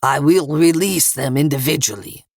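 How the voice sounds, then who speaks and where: A woman's voice: low voice, gravelly, darkish tone, no echo, studio quality. Woman voicing a menacing Russian gunman. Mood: calm threatening. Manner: cold, smirking, slow. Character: menacing male gunman holding hostages.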